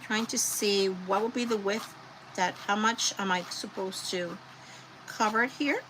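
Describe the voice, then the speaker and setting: A woman's voice: mid-range voice, unhurried, rough recording. A woman hosting a live crafting stream, chatting and rambling to her viewers as she works. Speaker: craft livestream host. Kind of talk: casual live crafting chat. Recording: steady background noise.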